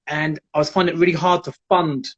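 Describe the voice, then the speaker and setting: A man telling animated stories in a casual live chat and acting out the people in them. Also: fairly high pitch, quick pace. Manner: animated, acts out quoted voices. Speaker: guest, jiu-jitsu black belt. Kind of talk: casual storytelling on a live stream. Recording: dull lo-fi live stream audio.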